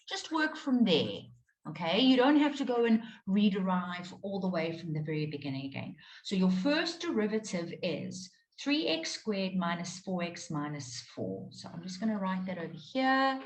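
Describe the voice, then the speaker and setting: A woman's voice: mid-range voice, big pitch swings, normal speed. A woman teaching a live online maths class, explaining steps patiently and checking in with her students often. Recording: roomy echo.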